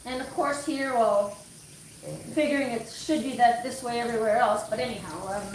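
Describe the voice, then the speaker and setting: A woman's voice: on the high side, moderate pace, a little mellow, recorded from a distance, slight background noise. A middle-aged woman dog groomer chatting on a livestream, telling a story in a rambling, self-correcting way. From Canada. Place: grooming room. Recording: echoey room, voice off-mic.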